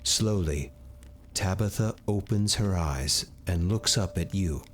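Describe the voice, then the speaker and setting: A man giving measured second-person scripted narration for a game. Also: sits low.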